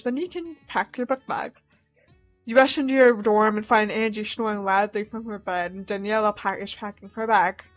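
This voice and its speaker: Wry woman streamer narrating a game. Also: a little high. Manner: wry, laughing asides between narration. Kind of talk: reading a dating game aloud with asides. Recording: slightly dull mic, soft game music.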